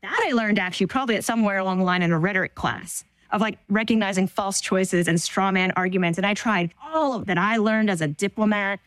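A woman speaking as a guest in an interview, earnest and quick, with frequent "like" fillers. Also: medium pitch, a bit bright, dry recording. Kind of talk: interview conversation.

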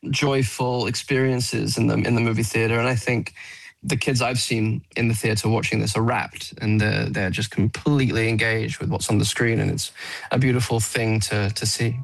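A man's voice: lowish voice, moderate pace, gravelly, dry recording, rough recording. Actor guy on a radio interview, earnest, restarts a lot, dry sound. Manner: earnest, animated, restarts phrases. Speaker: film actor guest. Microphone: studio mic.

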